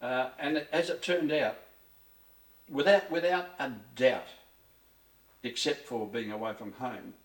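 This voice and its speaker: An older Australian man, a guest in a casual interview, reminisces in a rambling, earthy way, restarting sentences and swearing mildly. His mid-range voice is unhurried and pauses often. The recording sounds roomy and distant.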